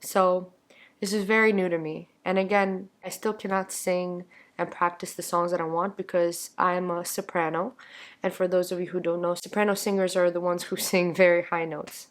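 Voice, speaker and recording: A young woman, a singer, talking casually to her camera while her voice is hoarse and lowered from laryngitis; earnest and reflective, laughing lightly between thoughts. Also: little pitch movement, moderate pace. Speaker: singer and content creator.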